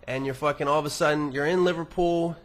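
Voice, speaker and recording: A man's voice: on the high side, fairly even intonation, fast talker. Rambling, profane young male podcaster. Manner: rambling and profane, with many restarts. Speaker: podcast host answering listener emails. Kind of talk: casual podcast monologue.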